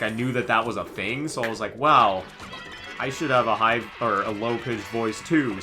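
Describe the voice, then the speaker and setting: A man's voice: low-pitched, bright, forceful tone. A young man giving jokey, rambling live commentary as he plays a video game. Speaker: gaming streamer. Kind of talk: live let's play commentary.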